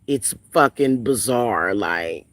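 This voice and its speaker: Slow, blunt woman ranting to camera. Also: very deep voice, animated, a bit bright, no room sound. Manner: blunt, profane, repeats phrases for emphasis. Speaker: spiritual reader and vlogger. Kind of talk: casual ranting monologue.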